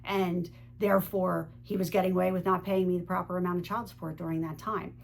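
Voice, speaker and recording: A middle-aged woman speaks in a low, gravelly voice, telling her own story and giving advice earnestly and candidly. A faint hum sits under the recording. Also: fairly even intonation, brisk. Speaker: divorce advice video host. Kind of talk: personal story and advice monologue.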